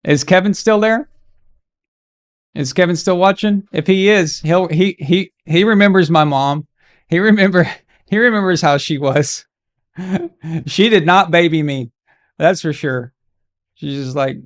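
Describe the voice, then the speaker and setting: A man running a live watch-along of a game, with a slightly higher voice than most. He chats loosely with his viewers. He moves between play-by-play reactions and easygoing personal stories. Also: a little slow, pauses often. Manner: casual, encouraging, chatty. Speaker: watch-along stream host.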